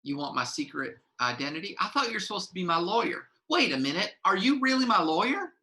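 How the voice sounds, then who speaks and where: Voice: mid-range voice, big pitch swings, quick pace, sharp tone, pitched above the performer's own voice. A game master voicing a laid-back, bumbling male cowboy vigilante with an offhand drawl. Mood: easygoing.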